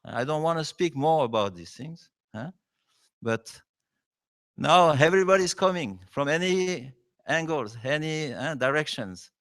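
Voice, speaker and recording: A visiting spiritual teacher, a man, gives a devotional lecture in non-native English, pausing often and checking in with "huh?". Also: a little high, expressive, a bit bright. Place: temple hall.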